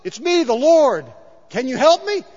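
Preacher putting on a frantic cliff-hanging hiker, high shrill yells, dull reverberant hall sound. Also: male voice, very animated, measured pace, full character voice. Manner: yelling frantically for help. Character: panicked man dangling from a cliff.

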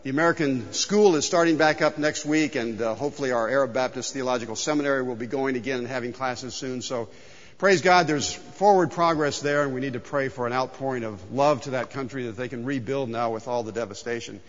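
A man preaching a sermon as pastor in a church, telling a folksy story with lively exclaimed punchlines. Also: mid-range voice, fairly quick, big-room sound, highs cut off. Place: church sanctuary.

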